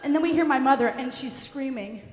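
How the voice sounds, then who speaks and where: A woman telling a funny autobiographical story live on stage, animated and rambling, with lots of fillers. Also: sits high, fairly quick. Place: stage in a hall, live audience event. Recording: roomy hall reverb, faint ambience.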